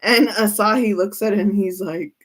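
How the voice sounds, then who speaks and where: A woman gives a casual tarot reading in a mid-range voice at a moderate pace, giggling and often breaking into laughter as she goes.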